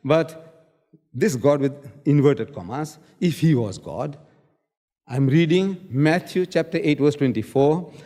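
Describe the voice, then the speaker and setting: A man in a public debate, quoting scripture and repeating key words for emphasis. His voice sits fairly high, and a long hall reverb trails after every phrase. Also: animated, a little slow, dark tone. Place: lecture hall.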